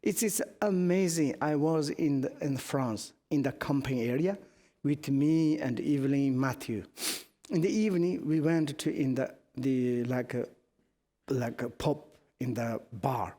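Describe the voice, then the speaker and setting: A middle-aged man with a Tibetan accent, a Buddhist teacher giving a dharma teaching in halting non-native English, telling anecdotes with chuckles. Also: medium pitch, warm tone. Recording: long reverb in a hall.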